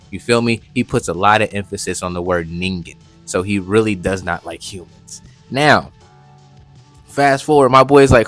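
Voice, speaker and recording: A man recapping an anime episode in casual, animated commentary, full of slang and jokes. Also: mid-range voice, measured pace, dry recording, faint music behind. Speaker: anime reviewer.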